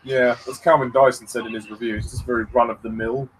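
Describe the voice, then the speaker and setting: A man's voice: mid-range voice, level tone, quick pace, a little hiss or hum, low-quality recording. A man casually commentating on a film, easygoing and agreeable. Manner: easygoing, agreeable, laughs often.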